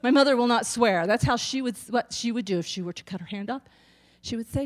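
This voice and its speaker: A woman's voice: mid-range voice, brisk. A woman in her sixties, a nurse and stand-up comic, delivering a chatty, self-deprecating routine to the audience. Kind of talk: stand-up comedy.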